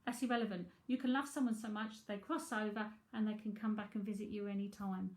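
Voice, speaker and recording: A woman's voice: medium pitch, steady tone, fast, reverberant. A middle-aged woman, a psychic tarot reader, chatting frankly and laughing often as she answers viewers. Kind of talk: casual livestream chat.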